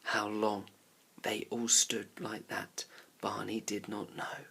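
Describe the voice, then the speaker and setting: A male teacher reads a children's novel aloud to his class in an expressive, storybook style, sinking to a near whisper at the tense moments. His voice is on the low side, slow-paced, gravelly and husky.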